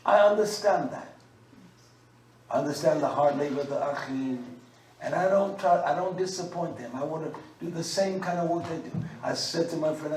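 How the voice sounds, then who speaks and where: A man with a high voice preaches a sermon, dropping to quiet asides and then rising to loud, drawn-out scripture reading. He is recorded from a distance in an echoey room. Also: a little hiss or hum.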